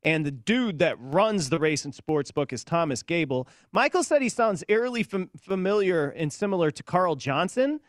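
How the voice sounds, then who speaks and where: A man hosting a sports betting talk show, upbeat, bantering quickly with his co-hosts. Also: on the high side, lively intonation, dry recording, studio quality.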